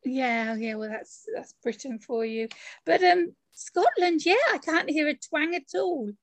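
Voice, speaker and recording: High-voiced lady podcast host, chatty, lots of ums, dry close sound. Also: unhurried, no echo. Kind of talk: casual interview chat.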